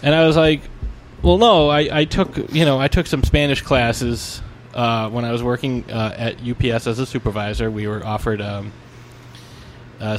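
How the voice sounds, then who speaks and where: A man's voice: mid-range voice, slight background noise. A man co-hosting a podcast, telling a story in a rambling, casual way, with many restarts and fillers. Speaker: podcast co-host.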